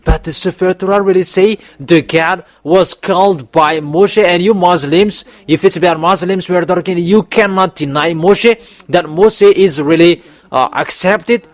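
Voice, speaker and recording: A man preaching a sermon in an emphatic, exhorting way, repeating his points and pausing on fillers, his voice climbing sharply when he warns his listeners. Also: sits high. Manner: emphatic exhorting, voice rising on warnings; repetitive, with fillers and restarts.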